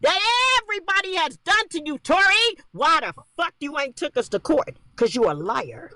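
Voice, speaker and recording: An angry woman ranting on a livestream, profane, shouting and repeating herself. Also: sits high, very animated, moderate pace, dry recording.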